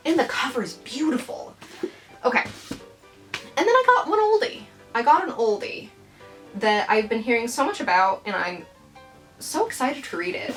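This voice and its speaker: A young adult woman hosting a casual reading vlog, chatting about her new books in a playful, rambling, self-deprecating way. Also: fairly high pitch. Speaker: book vlogger.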